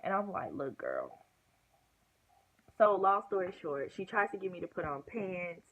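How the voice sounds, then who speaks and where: A woman's voice: mid-range voice, a little fast, a bit bright. A young woman vlogger telling a story casually and acting out the quotes with groans and whispers. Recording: tinny phone-like audio with faint hiss.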